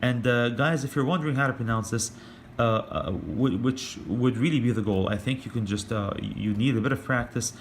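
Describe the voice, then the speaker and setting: Hesitant man explaining letters slowly. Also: mid-range voice, slight background noise. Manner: hesitant, many fillers and restarts; slows down to demonstrate sounds. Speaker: language teacher. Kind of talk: casual online lesson.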